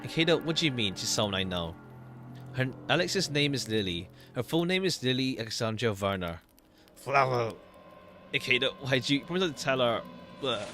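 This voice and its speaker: Male streamer, reads game lines aloud, expressive, mid pitch. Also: moderate pace, soft background music. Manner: animated, switching between characters. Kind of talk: reading game dialogue aloud.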